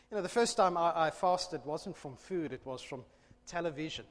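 A man preaching an emphatic, animated sermon in a church, with self-deprecating asides. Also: fairly high pitch, normal speed, big-room sound. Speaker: pastor.

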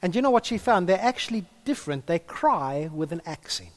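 A man's voice: sits high, very animated, a little fast. A man preaching a sermon in a conversational way, with humorous asides and a few stumbles.

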